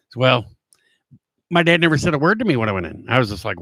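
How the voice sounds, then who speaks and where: A man's voice: medium pitch, big pitch swings, fast talker, pauses often, a bit bright, no room sound. Rambling middle-aged man telling stories. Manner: rambling and anecdotal, with frequent fillers and restarts. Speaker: talk show host; former police officer. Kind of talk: casual storytelling monologue.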